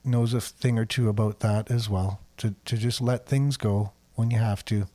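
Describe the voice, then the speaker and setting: Male host with a bit of a cold, chatty and quick to laugh, reads out viewer messages. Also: fairly low pitch, steady tone, warm tone. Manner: chatty, laughs often, restarts sentences. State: slight cold, voice a little deeper. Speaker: talk show host. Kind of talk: casual chat, reading viewer comments.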